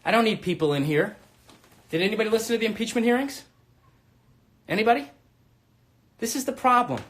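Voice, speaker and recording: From a room at home, a man in his thirties runs a comedy live stream in a high, bright voice. Brash and crude, he rambles, swinging from loud bursts to low mutters. His delivery is expressive and a little fast, with frequent pauses.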